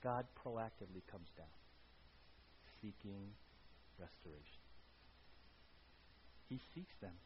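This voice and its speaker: A male pastor giving a conversational sermon with an animated delivery, often checking in with the congregation by asking "right?". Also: mid-range voice, measured pace, pauses often. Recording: dull lo-fi recording with faint hiss.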